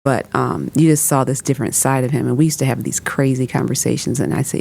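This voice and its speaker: Gravelly, mellow-voiced woman telling a story. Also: very deep voice, fairly even intonation, quick pace, hardly any pauses. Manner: recounts events with reported dialogue and frequent fillers. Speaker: podcast guest. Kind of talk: personal storytelling in conversation.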